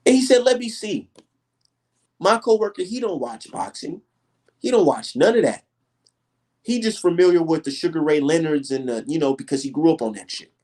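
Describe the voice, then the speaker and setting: A young man ranting loosely on his livestream, his pitch swinging widely as he tells stories. He sits a little high for a male voice and talks emphatically, with plenty of swearing. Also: fairly quick. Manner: emphatic, profane, animated storytelling. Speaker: livestream host. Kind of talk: casual livestream rant.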